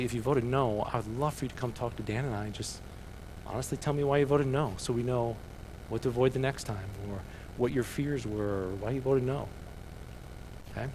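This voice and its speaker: A man, the pastor of a church, preaching a sermon that swings from fired-up bursts to quiet, personal asides. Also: medium pitch, slight background noise. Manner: preaching with rising excitement and quieter reflective asides.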